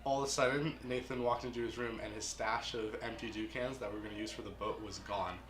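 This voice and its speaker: A man on summer camp staff narrating a camp story to camera at a brisk clip. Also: on the low side, steady tone. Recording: echoey room with background noise.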